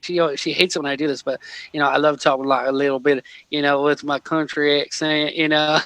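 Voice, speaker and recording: A chatty man hosting a podcast, talking in a bright, forceful voice pitched a bit high. He rambles and laughs easily, and the sound is dry and close to the mic. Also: flat delivery, brisk, dry recording. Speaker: podcast host. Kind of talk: casual interview chat.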